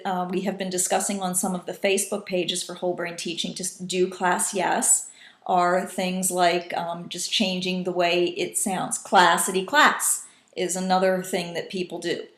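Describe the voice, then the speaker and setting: A woman teacher walks other teachers through a classroom routine, patient and instructional. She sometimes acts out calls in different voices. The room around her is echoey. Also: fairly low pitch. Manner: patient, demonstrating call-and-response in varied voices.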